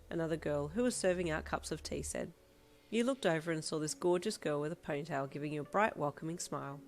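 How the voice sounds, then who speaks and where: A woman reading a fanfiction story aloud in second person, with a steady, expressive narration. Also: sits low, brisk. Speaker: fanfiction reader. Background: soft backing music.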